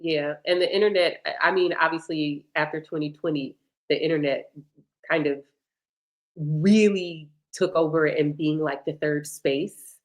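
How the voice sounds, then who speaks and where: Woman guest talking emphatically, kinda low voice. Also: measured pace, low-quality recording. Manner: emphatic, expressive. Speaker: guest astrologer. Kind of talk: casual chat.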